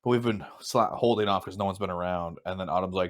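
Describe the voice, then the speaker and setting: Low-voiced man in casual chat. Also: quick pace, few pauses. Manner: relaxed, swearing, quotes himself in stories. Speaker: podcast co-host.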